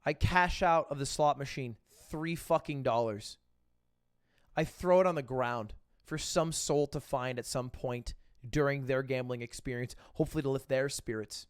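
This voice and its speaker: Young male streamer, animated storyteller who swears freely, dry close sound. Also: mid-range voice, moderate pace, clear, resonant tone, no echo. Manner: animated, profane, acts out quotes. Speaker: livestreamer. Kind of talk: casual storytelling.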